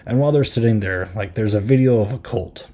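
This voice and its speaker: Man, low voice, warm mellow tone, casual podcast host, filler-heavy rambling recap. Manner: easily amused, retells scenes with quick half-acted quotes. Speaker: podcast host reviewing a horror film. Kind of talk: casual chat.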